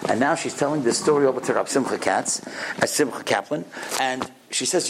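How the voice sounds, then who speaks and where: A man telling a story in a sermon to a congregation, animated and peppered with Hebrew and Yiddish terms. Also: mid-range voice, brisk, background noise.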